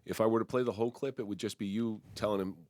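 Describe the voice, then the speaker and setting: A man's voice: fairly low pitch, fairly even intonation, racing, darkish tone, a little hiss or hum. A man hosting a podcast, chatting casually with his guest and laughing along. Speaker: podcast host. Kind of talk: conversational interview.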